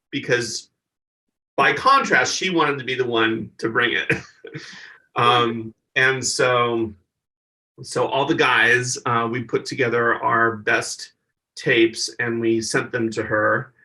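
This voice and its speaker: Man, comedian guest, lively storyteller, bright forceful voice, slightly distant from the mic. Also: mid-range voice, takes it slowly. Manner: animated storyteller, acts out the people he quotes. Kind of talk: casual interview chat.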